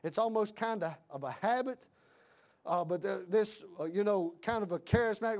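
A middle-aged male pastor preaching a fiery sermon in a church, repeating his lines and rising to shouted emphasis. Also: high voice, normal speed.

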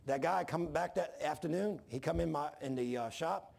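Gravelly preacher man. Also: fairly high pitch, a little fast. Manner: folksy, animated storytelling, acts out voices in anecdotes. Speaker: pastor. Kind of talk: sermon with storytelling.

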